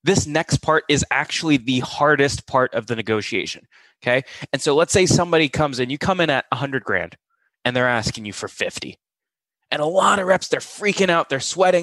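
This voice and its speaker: A man's voice: medium pitch, animated, moderate pace, a bit bright, dry recording, low-quality recording. A man co-hosting a sales advice podcast, emphatic and blunt, acting out quotes. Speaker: co-host.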